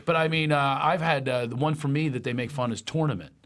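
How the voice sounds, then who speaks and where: A man with a Philadelphia accent hosting a casual comedy chat, jokey and animated. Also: mid-range voice, a little fast. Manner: animated, jokey, bursts into loud mock arguments. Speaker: podcast host.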